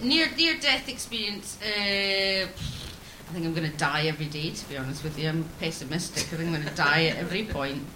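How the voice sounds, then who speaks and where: A Scottish woman, a comedian guest, chatting on a podcast with dry, deadpan teasing. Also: sits low, a little fast. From Scotland. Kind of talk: casual comedic podcast chat. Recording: echoey room with crowd noise.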